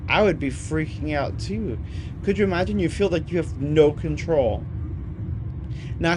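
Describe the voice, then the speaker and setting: A YouTube host giving excited, casual commentary on videos, chatty and easily worked up, saying "y'all". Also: medium pitch. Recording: noticeable background noise.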